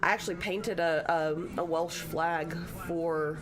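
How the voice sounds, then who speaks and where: A woman's voice: lowish voice, steady tone, a little slow. A woman streamer chatting casually while playing a game, rambling and laughing easily.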